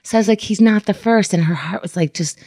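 A young adult woman telling candid, animated stories in casual chat and acting out the lines of people she quotes. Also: mid-range voice, fast, no echo, studio quality.

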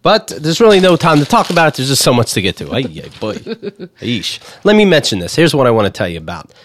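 A man's voice: fairly high pitch, a little fast, slight background noise. A man co-hosting a comedy podcast, joking around and loosely reading an ad. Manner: joking, animated, reads ad copy loosely. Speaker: podcast co-host. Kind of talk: casual comedic chat.

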